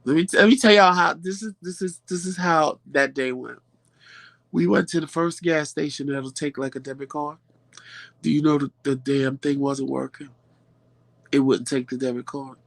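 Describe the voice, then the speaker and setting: A woman hosting a vlog, telling viewers a story in a casual, animated way and often repeating phrases for emphasis. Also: sits low, moderate pace, creaky, no echo. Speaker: vlog host.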